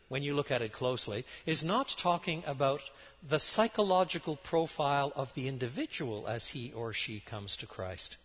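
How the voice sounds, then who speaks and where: A middle-aged man preaching a lecture-style sermon, emphatic and animated, with sudden rises and drops in his voice. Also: medium pitch, breathy edge. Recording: dull sound in a large reverberant hall.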